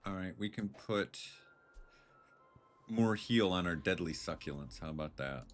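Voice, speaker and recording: A man streaming a video game live, thinking out loud in a laid-back, jokey way. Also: deep voice, lively intonation, measured pace, faint music behind. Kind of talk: casual live gameplay commentary.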